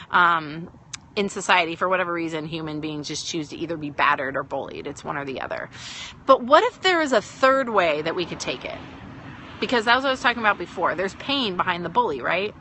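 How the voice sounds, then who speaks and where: Woman, live-stream host, bright tone, casual rambling talk, faint hiss behind. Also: mid-range voice. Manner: conversational, filler-heavy, greets viewers mid-thought.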